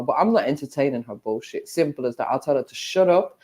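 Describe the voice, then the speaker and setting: A woman's voice: rumbling low, animated, fast talker, warm tone. A woman from the United Kingdom who is a guest on a livestream, chatting bluntly and dismissively, laughing easily. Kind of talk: casual gossip chat.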